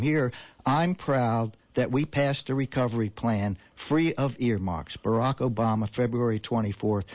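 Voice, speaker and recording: Radio guest, male, indignant rambler, lo-fi dull broadcast sound. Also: mid-range voice. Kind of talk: animated call-in radio talk.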